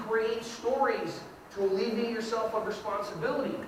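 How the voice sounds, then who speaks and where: A man giving a lively educational keynote to an audience, with a playful, animated delivery that acts out kids and parents. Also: very high-pitched, brisk, noisy background. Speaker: keynote speaker. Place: large hall with audience. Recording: echoey hall recorded from far off.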